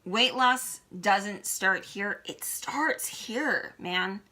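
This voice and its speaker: A woman's voice: medium pitch, very slow, hardly any pauses, bright, forceful tone. A woman talking earnestly and emotionally to her viewers, encouraging them in a heartfelt vlog. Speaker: vlogger. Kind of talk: heartfelt motivational vlog talk.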